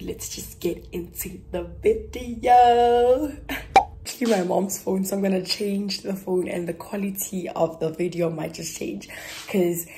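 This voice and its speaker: A young woman from South Africa chatting casually to her phone camera at home while getting ready, her voice hoarse and half gone, rambling and correcting herself with little laughs. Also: on the low side, a little mellow, slight background noise. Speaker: YouTuber vlogging. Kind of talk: casual vlog chat to camera. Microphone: phone on a tripod.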